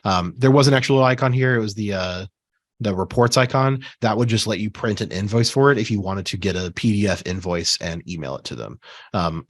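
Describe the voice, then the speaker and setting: A man giving a relaxed screen-share software tutorial, talking casually with fillers and asides while he has the hiccups. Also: sits low, no echo. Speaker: software trainer.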